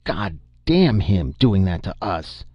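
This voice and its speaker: A fierce, tearful eight-year-old boy, as a male narrator puts him on in a storybook reading. The voice is pushed higher than his own and shrill, with some gravel left in it. The recording sounds dull and dry. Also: sing-song, slow pace, no echo, full character voice. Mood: upset. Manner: raised, shrill, upset.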